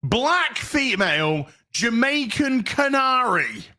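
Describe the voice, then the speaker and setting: A man's voice: very high voice, very animated, slow pace, sharp tone. A man hosting a casual livestream, reading out chat messages and rambling with many restarts and frequent swearing. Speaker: streamer host reading chat.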